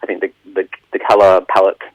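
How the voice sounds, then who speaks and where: A man with an Australian accent, chatting casually in an interview as a band's bass player, rambling and self-mocking as he acts out studio exchanges. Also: monotone, quick pace, no room sound, lo-fi sound. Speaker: band bass player, guest.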